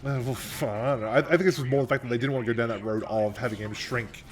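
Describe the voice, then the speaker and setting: A man's voice: medium pitch, fast talker, a little hiss or hum. A young man co-hosting a gameplay video, rambling in casual chat, laughing often and swearing casually. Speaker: gameplay co-host. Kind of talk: casual let's-play chat.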